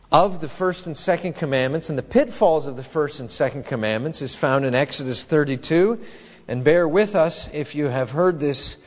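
A man preaching a sermon from the pulpit in a church, measured and emphatic, with deliberate pauses. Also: medium pitch. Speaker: pastor. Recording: hall reverb in a church.

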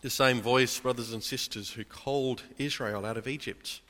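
A man's voice: mid-range voice, steady tone, moderate pace, fairly bright tone, big-room sound. A man preaching a sermon in an earnest style, calling his listeners beloved and brothers and sisters. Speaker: pastor.

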